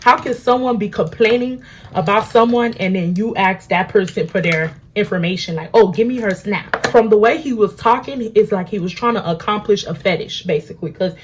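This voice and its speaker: A young adult woman at home, telling an animated, slangy story while doing her makeup. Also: mid-range voice, a little fast, a little hiss or hum. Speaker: beauty vlogger.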